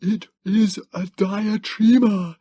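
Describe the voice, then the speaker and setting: Frail, pedantic male Morlock, thin high voice, slow clipped delivery, slightly husky, as an audiobook narrator puts him on. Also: sing-song, mellow, dry recording, heavily acted. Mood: anguished. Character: frail small male Morlock, precise scholar.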